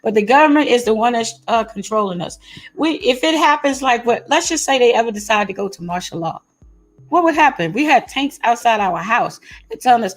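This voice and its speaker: Outspoken woman with a high voice. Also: expressive, a little fast. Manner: outspoken and emphatic, with short reactions. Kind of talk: casual chat.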